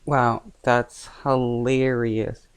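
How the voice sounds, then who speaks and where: Man giving halting reaction commentary. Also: mid-range voice, level tone, clean tone, no room sound. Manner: halting, many fillers and restarts, scoffing. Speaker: commentator reacting to a news clip.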